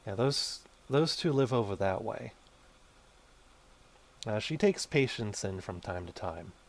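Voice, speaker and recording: A man's voice: on the low side, lively intonation, a little slow, gravelly. A man voicing a chatty small-town waitress who rambles and restarts as she gives directions. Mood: helpful.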